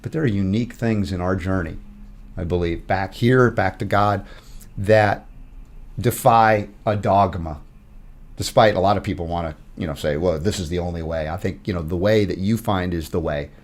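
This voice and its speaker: A man with a very low, deep voice speaks as a podcast guest. He reflects in a thoughtful, philosophical manner, weighing spiritual ideas as he goes. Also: normal speed. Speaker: podcast guest, health broadcaster. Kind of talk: reflective conversation.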